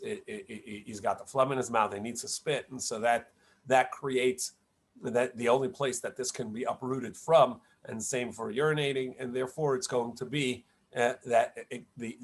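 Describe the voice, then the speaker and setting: A rabbi talks a class through a Talmud passage in an ordinary, mid-pitched man's voice. He explains patiently but haltingly, restarting phrases and filling pauses with "uh" and "um". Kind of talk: online Talmud lecture. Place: home setup, online class.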